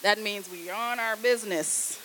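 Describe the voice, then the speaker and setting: A woman speaking to a class of students as a guest copywriter, in a lively, casual, conversational way, turning often to address them directly. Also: mid-range voice, a little slow, a little hiss or hum, low-quality recording.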